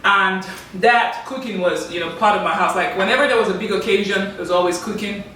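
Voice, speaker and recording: A woman's voice: mid-range voice, fairly quick, fairly bright tone, a little hiss or hum. A woman, host of a casual food chat, patiently explaining dishes step by step. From Nigeria. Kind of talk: casual chat over a home-cooked meal. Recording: echoey room, distant mic.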